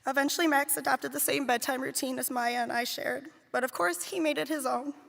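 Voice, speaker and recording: A woman with a high, bright, gravelly voice reads a heartfelt eulogy for children she cared for, speaking with tender fondness. Her words carry a long reverb from a large hall. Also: fairly even intonation, a little fast. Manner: heartfelt, tender, fond storytelling. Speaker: nanny giving a eulogy. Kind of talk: read memorial speech.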